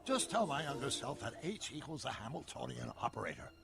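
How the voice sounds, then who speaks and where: A man voicing an eccentric elderly male scientist in a video game, talking in an animated, exclaiming way over game music. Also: medium pitch, fairly quick, gravelly. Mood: excitable. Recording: game audio with music behind.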